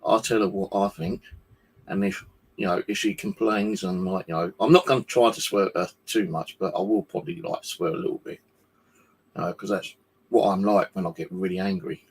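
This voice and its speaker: A man's voice: sits low, a little fast, gravelly, breathy edge. A man, talking casually to camera at home, rambling and swearing in an aggrieved way. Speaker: vlogger. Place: home flat indoors.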